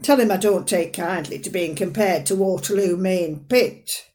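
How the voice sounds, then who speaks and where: A woman performing a dramatic monologue as a fussy, proud, sharp-tongued elderly northern mother with a dry, plain-spoken manner. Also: on the low side, moderate pace, close to an everyday voice. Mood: wry.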